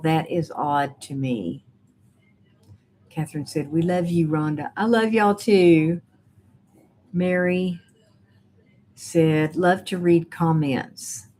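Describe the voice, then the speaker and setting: A woman's voice: low voice, darkish tone, slight background noise. A woman hosting a casual live stream, reading viewer comments aloud with sassy, teasing asides.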